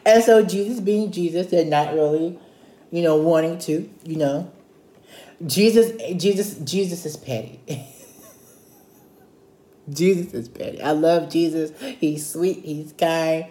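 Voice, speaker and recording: A man's voice: fairly high pitch, a little slow, long pauses, dark tone, echoey room. A man leading a casual Bible study, retelling scripture in a chatty, playful way. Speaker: Bible teacher.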